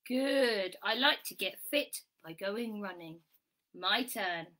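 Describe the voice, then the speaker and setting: A woman's voice: mid-range voice, lively intonation. Cheerful woman teaching phonics. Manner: bright, encouraging, sing-song praise; slow, clearly sounded-out letters. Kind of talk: children's phonics lesson.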